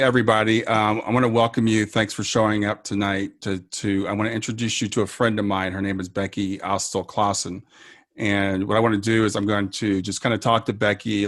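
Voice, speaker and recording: A man hosting a podcast, introducing his guest in a relaxed, affirming way. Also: on the low side. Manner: relaxed, affirming, with frequent restarts. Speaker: podcast host.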